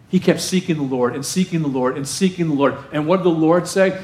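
A man's voice: a little high, fairly quick, few pauses, a little mellow, echoey room. A man preaching a sermon as pastor, emphatic and repeating phrases for effect.

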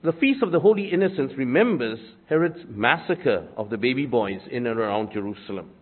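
A man's voice: mid-range voice, expressive, brisk. A man preaching a sermon with dry, self-deprecating humor and chatty asides. He is getting over a cold and coughs now and then. The sound is thin and tinny, like a phone line. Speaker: pastor. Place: church.

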